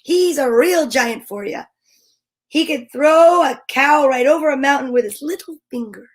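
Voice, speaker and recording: A woman's voice: sits high, expressive, normal speed. A woman voicing the furious little male chief of the fairy folk in a storybook, bellowing and scolding. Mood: angry.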